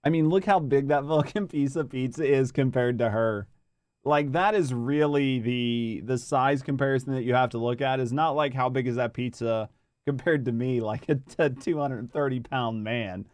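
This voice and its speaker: A man's voice: medium pitch, moderate pace, a little mellow, dry recording. A man doing rambling, casual reaction commentary, swearing freely and chatting with his viewers. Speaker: reaction streamer.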